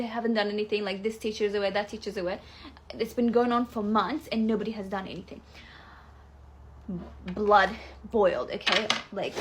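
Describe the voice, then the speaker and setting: Chatty high-voiced young woman. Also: slight background noise. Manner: chatty, fast, full of "like" fillers. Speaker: vlogger. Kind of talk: storytime chat to camera.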